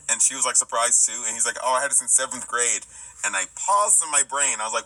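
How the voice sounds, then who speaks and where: Male podcast co-host, very bright tone, animated incredulous banter. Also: mid-range voice, rough recording. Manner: animated, incredulous, quick asides. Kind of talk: casual chat.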